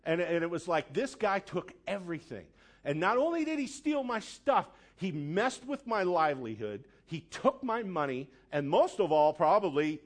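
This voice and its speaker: A middle-aged man preaching a sermon, telling a personal story with dramatic, animated delivery and acted-out outbursts. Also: a little high. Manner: animated, dramatic storyteller who acts out his own angry outbursts. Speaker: pastor.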